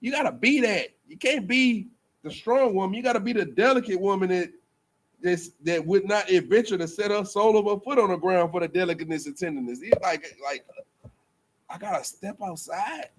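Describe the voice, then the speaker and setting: A man's voice: high-pitched, fairly quick. Loose, joking man preaching. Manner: loose, joking, laughs often, trails off into fillers; repeats himself, restarts mid-phrase. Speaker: teacher at a religious school. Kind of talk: preaching in casual banter.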